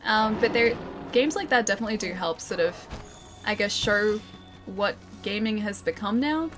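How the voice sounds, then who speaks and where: A woman's voice: medium pitch, lively intonation, normal speed, fairly bright tone, faint music behind. A young Australian woman chatting casually while streaming a game, reading chat aloud and laughing often. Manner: chatty, giggly, reads chat aloud and answers.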